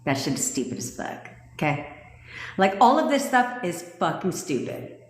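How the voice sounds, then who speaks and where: A woman coach on a livestream rants bluntly and swears freely, her voice sitting on the low side. The sound carries a long, echoey reverb from the room around her. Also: big pitch swings, normal speed, a little hiss or hum. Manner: blunt, profane, ranting. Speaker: manifestation coach. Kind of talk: livestream rant. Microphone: phone livestream.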